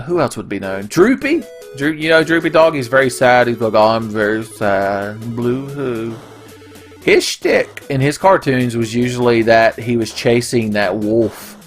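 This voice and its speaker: A man's voice: mid-range voice, expressive, a little slow, faint music behind. A man hosting a gaming video, rambling and profane in casual commentary. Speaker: gaming channel host.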